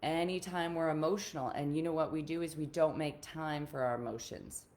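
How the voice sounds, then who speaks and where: A woman's voice: low-pitched, steady tone, a little fast, a little mellow. A woman relationship coach talking casually on a live stream to her group, earnest and encouraging, often repeating her key points.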